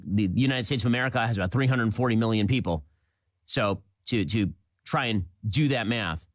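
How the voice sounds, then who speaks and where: A man hosting a political commentary show, delivering a rapid, emphatic, indignant monologue with repeated phrases. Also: lowish voice, dry recording.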